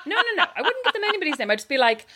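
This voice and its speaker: A young Irish woman chatting casually, telling animated stories and mimicking other people's voices. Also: high voice, racing. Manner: animated anecdotes, mimics voices, laughs often. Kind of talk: casual chat, storytelling.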